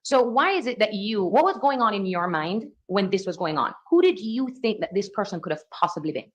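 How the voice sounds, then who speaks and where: A woman attorney questioning a witness in court, asking brisk leading questions peppered with "okay" and "all right". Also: medium pitch, expressive. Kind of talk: courtroom direct examination.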